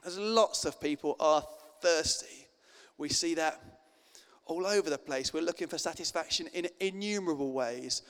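A man's voice: fairly high pitch, moderate pace, fairly bright tone, clean tone. A male pastor giving an informal, chatty sermon with fillers and restarts. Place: church meeting hall. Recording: long reverb in a hall.

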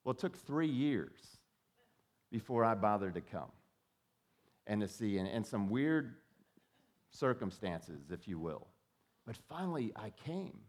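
A man's voice: on the low side, sing-song, measured pace, long pauses, a little mellow. A man preaching a sermon in a conversational way, often repeating words as he starts a thought and acting out quoted voices. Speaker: pastor.

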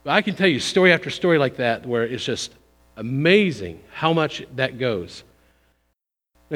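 A man giving a conversational, folksy missions sermon in a church, pushing up for emphasis and then dropping low. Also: animated, normal speed, fairly bright tone. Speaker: visiting missions speaker. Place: church sanctuary. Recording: long hall reverb.

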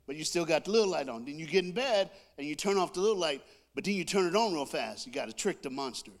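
A male preacher telling a comic story in a sermon, animated, with sound effects and call-and-response. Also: a little high, quick pace.

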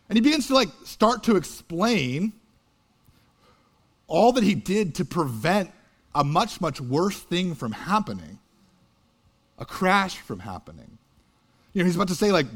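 A man's voice: sits high, measured pace, long pauses, husky. A man in his thirties, a pastor, telling a story in a sermon in an earnest, conversational way. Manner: earnest, conversational, builds to loud animated peaks.

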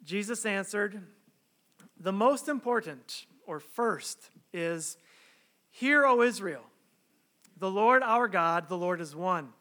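Man, pastor, high clear voice, earnest conversational sermon, rhetorical questions. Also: expressive, takes it slowly, sharp tone. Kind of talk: sermon with scripture reading and prayer.

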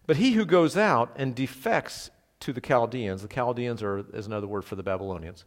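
A man's voice: mid-range voice, expressive, fairly quick, few pauses. Guy pastor doing a bible study sermon, chatty but emphatic, acts out the quotes a bit. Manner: conversational, emphatic, voices quoted speakers dramatically. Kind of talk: expository Bible teaching.

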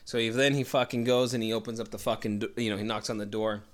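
A man's voice: fairly low pitch, level tone, fast. A man telling a long story in casual chat, swearing constantly, rambling and acting out what people said. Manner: profane, rambling, acts out quoted lines.

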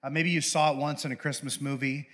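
Chatty bright-voiced young man preaching. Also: medium pitch, flat delivery, fast. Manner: chatty, self-interrupting, playful. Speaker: pastor. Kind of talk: casual humorous sermon.

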